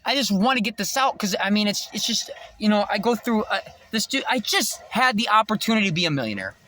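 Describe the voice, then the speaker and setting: Intense preachy male vlogger, high and very animated delivery. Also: fast talker. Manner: intense, preachy, swears freely. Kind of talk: rambling spiritual monologue.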